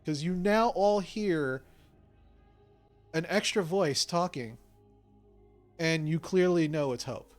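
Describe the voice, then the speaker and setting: A man narrating as game master, telling the scene in a relaxed way with many fillers. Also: fairly high pitch, slow, long pauses, faint music behind. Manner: filler-heavy, relaxed storytelling.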